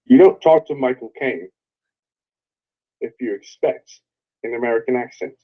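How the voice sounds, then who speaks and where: A man's voice: medium pitch, normal speed, close to an everyday voice. Understated English accent from a man putting it on, dull lo-fi audio.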